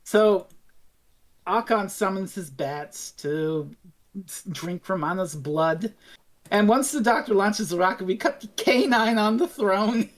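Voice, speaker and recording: A woman's voice: mid-range voice, a little slow. A woman co-hosting a podcast, retelling an episode in casual, sarcastic chat and acting out the quotes. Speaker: podcast co-host.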